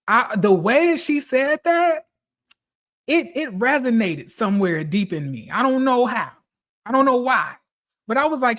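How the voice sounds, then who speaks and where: A man recapping a reality TV episode in casual commentary, animated and profane, talking straight to his viewers. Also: very high voice, a little slow.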